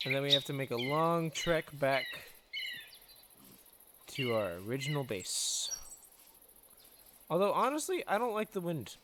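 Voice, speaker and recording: A man's voice: on the high side, big pitch swings, measured pace, pauses often, background noise. A man hosting a gaming video, chatting to himself and his viewers as he plays. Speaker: gaming channel host. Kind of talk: let's play commentary.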